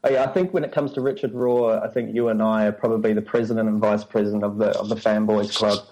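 A man from Sydney, a podcast guest who talks in a relaxed, teasing, dry-humoured way. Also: on the low side, quick pace, low-quality recording. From Sydney, Australia. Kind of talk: casual podcast interview.

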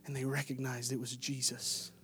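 A middle-aged male pastor preaching a sermon in a church, swinging from loud bursts to hushed near-whispers. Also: mid-range voice, level tone, normal speed. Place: church sanctuary.

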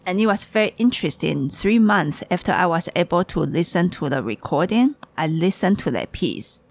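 Hurried woman with a gravelly low voice. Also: expressive, a little mellow. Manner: hurried, talks ahead of herself, restarts sentences. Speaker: podcast host and tea shop owner. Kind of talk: casual podcast chat.

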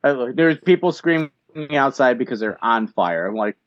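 A man's voice: mid-range voice, animated, normal speed, dry recording. Man on a dry, dull-sounding mic. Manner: enthusiastic, laughs often. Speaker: podcast co-host. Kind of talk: casual chat.

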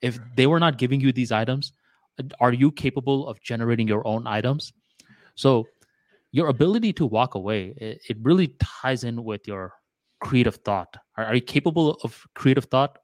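A man's voice: mid-range voice, moderate pace, darkish tone, no echo. A man co-hosting a podcast in casual chat, thinking aloud in a loose way with lots of filler words. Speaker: podcast co-host.

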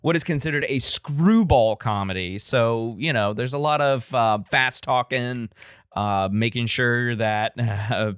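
A man's voice: medium pitch, unhurried, a bit bright, clean tone, dry recording, studio quality. A man hosting a casual film-review podcast, rambling through tangents with restarts and obvious enthusiasm. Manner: rambling, digressive, many restarts; enthusiastic about old films. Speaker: podcast host.

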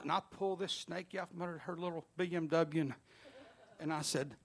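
High-pitched guy telling a funny snake story in church, animated. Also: normal speed.

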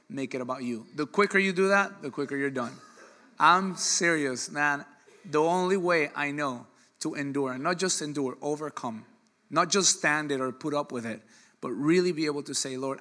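A man preaching a sermon in an animated, joking way, with sudden loud bursts. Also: a little high. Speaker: pastor.

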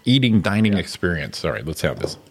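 A man's voice: low voice, big pitch swings, a little fast, husky. A man hosting a morning show, bantering casually and laughing often. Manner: laughs often, swinging playful delivery. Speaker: radio show host.

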